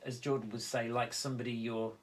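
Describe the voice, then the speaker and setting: A man speaking earnestly in a reflective conversation, halting and restarting as he explains how he copes with loss. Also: medium pitch, flat delivery, a little hiss or hum. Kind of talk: reflective conversation about grief.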